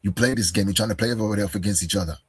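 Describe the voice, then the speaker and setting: Very fast and husky, this lowish male voice belongs to a commentator who responds combatively to a video, talks straight at the person, fires rhetorical questions, and calls him "bro." There's no echo.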